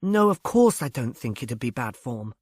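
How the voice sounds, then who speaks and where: A man voicing a poised young woman who speaks briskly with dry amusement. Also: medium pitch, sing-song, darkish tone, slightly rough, no echo. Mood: warm, kind. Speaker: reader.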